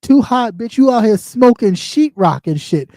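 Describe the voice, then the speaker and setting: A man's voice: very high-pitched, animated, normal speed, warm tone, no room sound, studio quality. A man ranting on a livestream, mocking and heated, swearing constantly. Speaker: livestream host. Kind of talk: profane livestream rant.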